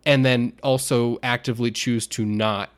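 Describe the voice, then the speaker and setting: A young man chatting on a podcast, animated as he retells a scene and acts out the quoted lines, sometimes jumping into shouts. His pitch sits in a middle range for a man, and his talk stays loose and conversational. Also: normal speed. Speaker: podcast co-host. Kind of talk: casual podcast chat.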